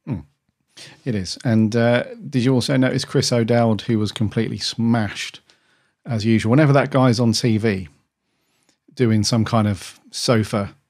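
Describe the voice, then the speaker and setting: In a slightly mellow mid-range voice, a podcast co-host chats casually. He meanders as he talks and often restarts what he's saying.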